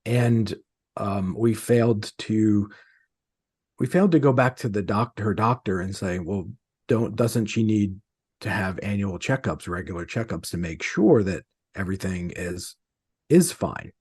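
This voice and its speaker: Husky, hesitant middle-aged man. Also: lowish voice, a little mellow, no echo, clean studio sound. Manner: hesitant, many fillers and restarts. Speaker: interview guest, author. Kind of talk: conversational interview.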